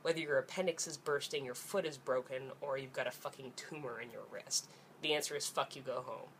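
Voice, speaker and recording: A woman's voice: extremely low pitch, a little fast, slight background noise. A young woman, ranting angrily and sarcastically in a vlog, swearing freely. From Canada. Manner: angry, profane, sarcastic. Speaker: vlogger.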